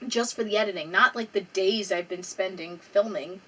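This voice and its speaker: A woman's voice: medium pitch, moderate pace, bright, forceful tone, slightly rough. Emotional young woman vlogging, near tears. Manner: emotional, rambling, swears a lot, fighting back tears. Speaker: small YouTuber. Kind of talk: casual vlog. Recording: slightly distant mic with faint background noise.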